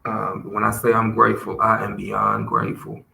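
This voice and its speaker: A man with a strongly gravelly, fry-heavy voice hosts a heartfelt podcast, speaking earnestly and with open emotion. He halts and restarts his sentences as he goes. The sound is roomy and echoey, with a faint hum of noise underneath. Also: fairly low pitch, very animated, normal speed, sharp tone. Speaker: podcast host. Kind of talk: heartfelt solo podcast talk.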